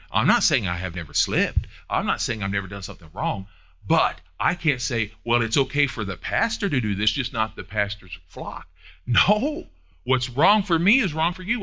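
Animated folksy male preacher. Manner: animated preaching, swinging from loud high peaks to soft hushed asides; folksy, uses down-home phrasing. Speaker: pastor. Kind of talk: sermon.

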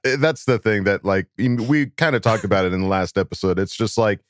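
A man co-hosting a fan podcast in casual chat, chatty and excitable, laughing often. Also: on the low side, a little fast, dry recording, clean studio sound. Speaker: podcast co-host.

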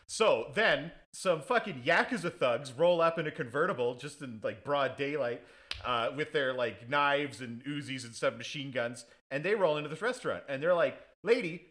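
A man riffing through a movie recap with sarcastic asides and casual swearing. His voice rises and falls in lively swings, and he wanders off on tangents. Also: mid-range voice, normal speed. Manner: rambling, sarcastic, swears freely. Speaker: podcast co-host playing defense lawyer.

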